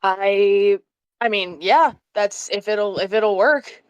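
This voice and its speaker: A woman's voice: mid-range voice, slow, smooth, no room sound, highs cut off. A woman playing in a tabletop game, chatting casually and asking questions. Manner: conversational, questioning. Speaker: player.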